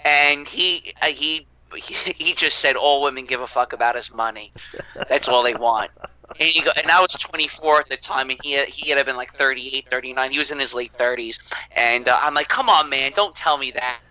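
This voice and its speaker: A man hosting a casual podcast chat, who tells stories in an animated way and swears freely. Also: mid-range voice, brisk, poor audio. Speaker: podcast host.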